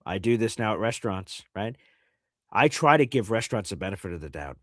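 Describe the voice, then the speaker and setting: Animated man telling a story, very dry sound. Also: fairly low pitch, a little fast, dry recording. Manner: animated storyteller acting out phone calls. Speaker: podcast host. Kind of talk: casual chat.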